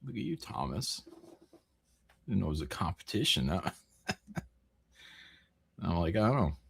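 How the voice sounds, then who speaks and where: A man's voice: low voice, big pitch swings, a little slow, creaky, fairly bright tone, slight background noise. A man hosting a casual live stream, rambling through chat messages with frequent jokes, laughs and swearing. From American Midwest.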